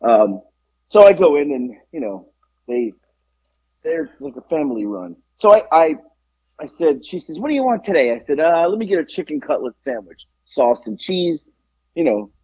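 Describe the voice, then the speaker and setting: A man co-hosting a podcast, telling an animated story in casual chat and acting out both sides of the conversation. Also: on the high side, moderate pace, slightly rough, no echo, muffled recording. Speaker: podcast co-host.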